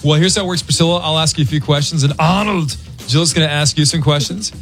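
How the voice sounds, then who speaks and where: A man's voice: on the high side, quick pace, fairly bright tone, soft background music. A man hosting a morning radio show, chatting casually and playfully and running a quiz game.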